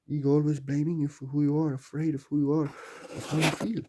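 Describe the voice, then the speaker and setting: A man giving a spiritual talk, repeating phrases emphatically and building to loud bursts. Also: fairly high pitch, little pitch movement, a little fast, background noise. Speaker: spiritual teacher.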